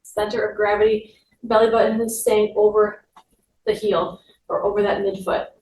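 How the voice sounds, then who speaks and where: A woman's voice: medium pitch, level tone, normal speed, a little mellow. A woman leading a guided exercise class, giving upbeat, encouraging cues while she moves along. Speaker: fitness instructor. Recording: roomy, distant mic with faint noise.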